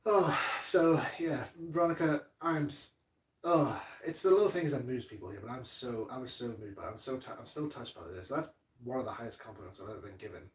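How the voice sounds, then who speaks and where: A man's voice: mid-range voice, quick pace, distant mic. Man, casual vlog storytelling, rambling and emotional, stumbling restarts, echoey room, sitting back from the mic. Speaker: model railway hobbyist vlogger.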